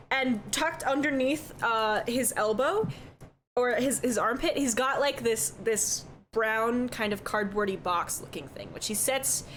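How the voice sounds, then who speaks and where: A woman's voice: fairly high pitch, fairly bright tone, slight background noise. A woman narrating as game master in a descriptive, filler-heavy way.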